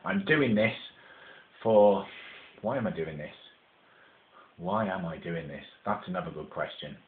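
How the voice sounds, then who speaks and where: A man's voice: low-pitched, unhurried. A man from England running for mayor, talking casually and earnestly to the camera in a rambling way that sometimes laughs at itself. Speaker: mayoral candidate. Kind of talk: casual campaign video monologue. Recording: echoey room, tinny phone-like sound.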